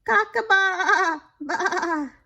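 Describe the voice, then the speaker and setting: This is a squeaky, eager farmyard rooster from a children's picture book, put on by a woman reading aloud. His crows come out loud and stretched long. His voice is bright and tense. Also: heavily acted. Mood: crowing. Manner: loud, drawn-out crowing. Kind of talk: storybook read-aloud.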